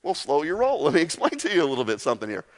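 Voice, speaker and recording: A pastor preaches to his congregation in a relaxed, chatty style, acting out small asides along the way. His voice is fairly high and races along with wildly swooping pitch. The large church hall gives the recording a long reverb.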